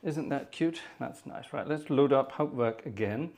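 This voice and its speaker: A man's voice: medium pitch, unhurried, a little mellow. A chatty man hosts a live organ music stream in a mid-range voice. He narrates what he is doing as he goes and mutters exasperated asides under his breath. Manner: chatty, narrating his own tech troubleshooting. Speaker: organ music livestream host. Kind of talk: casual live-stream chat.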